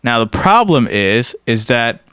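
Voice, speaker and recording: A man's voice: mid-range voice, sing-song, a little slow, fairly bright tone, clear, resonant tone, dry recording, clean studio sound. A man giving a casual screen-recorded music production tutorial. He explains step by step and often checks in with "right?".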